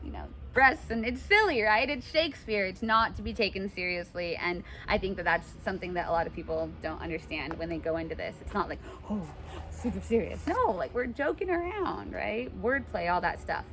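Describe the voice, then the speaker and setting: A woman's voice: medium pitch, a little fast, hardly any pauses. Chatty woman teacher lecturing a class. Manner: chatty, animated, many fillers. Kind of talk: classroom lecture with read-aloud passages.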